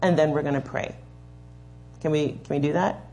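Gentle woman giving a children's sermon. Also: sits low, fairly even intonation, normal speed, soft background music. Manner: gentle, patient, explains and gives step-by-step instructions. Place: church sanctuary.

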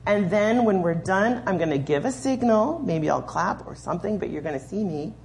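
A woman's voice: medium pitch, lively intonation, normal speed, a little mellow. A woman leading a children's sermon in a church, patiently explaining and giving step-by-step instructions. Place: church sanctuary.

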